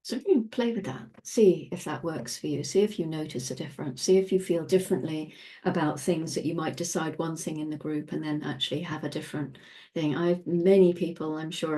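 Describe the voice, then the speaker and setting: A woman giving a casual teaching talk, relaxed and laughing often, sometimes dropping into soft, near-whispered asides. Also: deep voice. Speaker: human design teacher.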